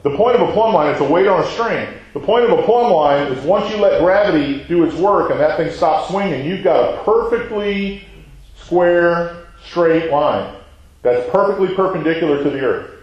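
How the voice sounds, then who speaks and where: A man's voice: fairly high pitch, animated, normal speed, darkish tone, muffled recording. Man teaching a Bible class in an echoey room. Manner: conversational, quizzes the class with questions and tags "right?". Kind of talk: Bible study lesson with scripture reading.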